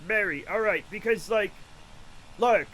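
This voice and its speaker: A man's voice: high-pitched, measured pace, a bit bright, slight background noise, low-quality recording. A man in his late forties chatting casually on a live stream, rambling, profane and self-mocking. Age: late 40s.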